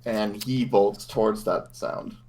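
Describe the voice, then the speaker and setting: A man's voice: fairly low pitch, fairly even intonation, takes it slowly, creaky, a little mellow. A man playing a tabletop game, swearing often and reacting to the game master with frustration. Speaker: player. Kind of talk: casual game chat.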